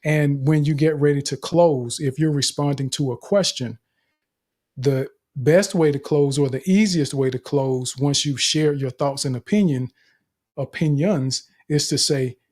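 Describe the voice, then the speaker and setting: A man's voice: on the high side, a little slow, darkish tone. Upbeat man coaching a speaking group. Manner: upbeat, encouraging, gives numbered tips.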